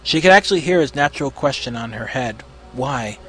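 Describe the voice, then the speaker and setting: Expressive male storyteller over soft music. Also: medium pitch, fairly quick. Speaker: narrator. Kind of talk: storybook reading of fan fiction.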